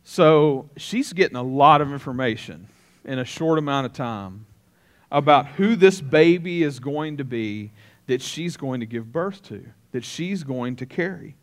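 A middle-aged male pastor preaching a conversational sermon, with casual fillers and slower, deliberate scripture reading. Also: mid-range voice, lively intonation.

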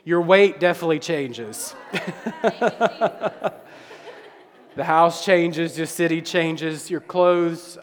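A man in his thirties preaching a sermon to his church congregation, animated and joking with the crowd. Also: on the high side, drawn-out words, pauses often, slight background noise. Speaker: pastor. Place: church sanctuary. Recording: long hall reverb.

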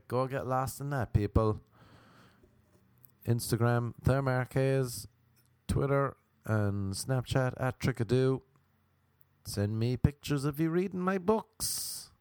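A young Irish comedian hosts a comic podcast, rambling through self-deprecating stories and plugs peppered with jokey asides. He has a smooth, mid-range voice with a darkish tone, and there's no room sound.

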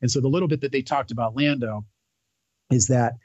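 A man's voice: medium pitch, fairly even intonation, a little fast, darkish tone, no room sound. Man, podcast guest, rambling fan talk, lo-fi dry recording. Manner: rambling, enthusiastic, many fillers and restarts. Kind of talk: casual chat.

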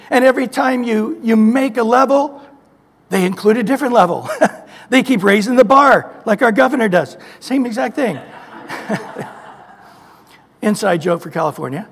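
A man's voice: very high voice, measured pace. A man pastor giving an emphatic sermon, repeating phrases and quoting scripture, in an echoey hall. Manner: emphatic, repetitive preaching with scripture quotes. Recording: echoey hall with long reverb.

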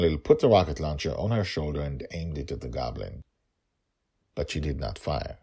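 A man's voice: very deep voice, expressive, moderate pace, dark tone, husky. A man narrating a story and reflecting on it in an emotional, thoughtful way.

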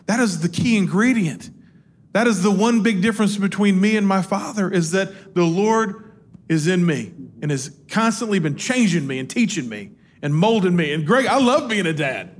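A man in his forties co-hosting a faith talk, telling family stories in a lively way and laughing as he goes. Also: high-pitched, normal speed. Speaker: co-host. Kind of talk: casual faith talk with storytelling.

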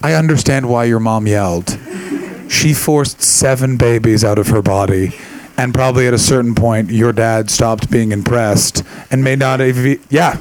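Male stand-up comedian with a gravelly edge, loose crowd-work delivery, live venue. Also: medium pitch, rough recording. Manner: gravelly, shouts impressions of angry people.

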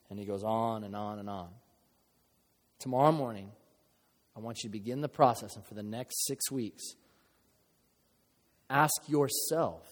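A man's voice: medium pitch, normal speed, pauses often. Joking preacher man in a reverberant hall. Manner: informal and joking, with sudden emphatic bursts. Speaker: pastor. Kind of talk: conversational sermon. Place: church sanctuary. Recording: long reverb of a large hall.

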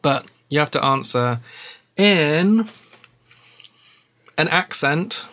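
A woman co-hosting a podcast in casual chat, animated and giggly. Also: low-pitched. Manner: animated, giggly, quick asides. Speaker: podcast co-host.

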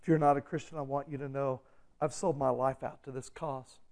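A man preaching a sermon, urgent and pleading, dropping low and quiet, then rising loud and fast. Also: steady tone, vocal fry. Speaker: pastor.

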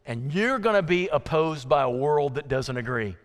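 A male pastor preaching a sermon, using call-and-response and repetition that builds to loud emphasis. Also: a little high, animated, normal speed. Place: church sanctuary. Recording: long church reverb.

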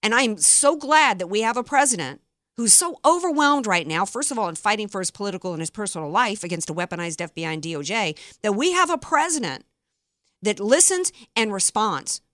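A woman's voice: mid-range voice, big pitch swings, fairly quick, fairly bright tone, dry recording. A woman hosting a talk radio show, delivering an opinionated political monologue with sarcasm and indignation into a close studio mic.

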